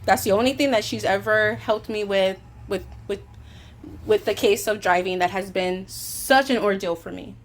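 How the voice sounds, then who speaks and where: A woman's voice: medium pitch, moderate pace. A woman telling a storytime vlog in a heated, swearing way, acting out both sides of an argument. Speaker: vlogger; caregiver.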